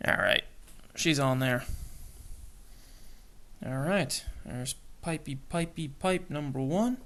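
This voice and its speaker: Man in his own hobby video, slow gravelly delivery, talks himself through each fiddly step. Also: a little high, a bit bright. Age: adult with children. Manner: mutters and whispers to himself while working; self-mocking, jokey asides. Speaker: model kit builder. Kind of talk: hobby build video narration.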